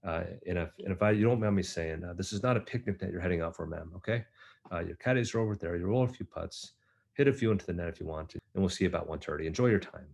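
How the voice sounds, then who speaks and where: A man's voice: low-pitched, quick pace, gravelly, darkish tone, breathy edge, full character voice. A man voicing a courteous but blunt golf starter. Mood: firm. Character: polite, firm Scottish golf starter, male.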